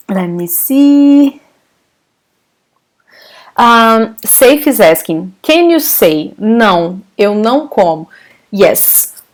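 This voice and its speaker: A Brazilian woman with a Brazilian Portuguese accent, teaching her native language in English during a live online class, patiently explaining and answering chat questions. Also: medium pitch.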